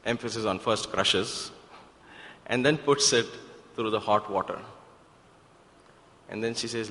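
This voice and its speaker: A man's voice: lowish voice, unhurried, pauses often, a bit bright. A man giving a sermon-style talk at a spiritual center, telling a parable with emphatic rhetorical questions. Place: devotional center hall. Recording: hall with long reverb.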